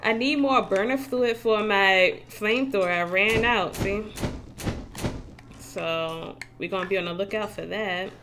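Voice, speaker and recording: Woman, game streamer, chatty, curses a lot, laughs often, mid pitch. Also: measured pace, fairly bright tone, soft background music. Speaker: gaming streamer. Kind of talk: casual live-stream chat. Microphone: desk mic with facecam.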